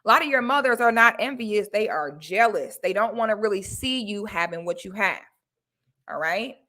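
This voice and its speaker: A woman's voice: mid-range voice, lively intonation, normal speed, bright, forceful tone. A woman vlogger giving blunt, preachy advice straight to her viewers. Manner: blunt, preachy, addresses audience directly. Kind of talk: casual advice talk to viewers.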